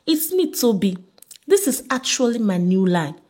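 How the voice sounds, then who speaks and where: A woman's voice: fairly high pitch, big pitch swings, moderate pace, darkish tone, breathy edge. A woman voicing a jokey, laid-back young man. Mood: jovial. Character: reformed male playboy, jovial.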